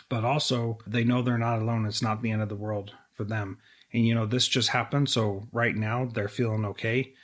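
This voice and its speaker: A man's voice: mid-range voice, a bit bright. A middle-aged man hosting an interview podcast, earnest and emotional as he talks and asks questions. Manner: earnest, emotional when talking about loss. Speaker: podcast host.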